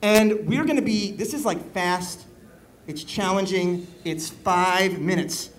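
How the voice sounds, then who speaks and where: A man working as an event emcee, energetically leading a live audience in call-and-response chants and shouting to pump them up. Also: sits high, slow pace, poor audio. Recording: live event with loud crowd and background noise. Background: crowd noise.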